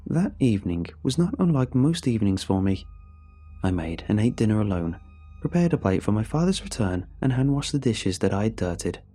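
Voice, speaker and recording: A man reading a scripted horror story in a measured, somber way. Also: on the low side, big pitch swings, mellow, breathy edge. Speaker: narrator. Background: faint music.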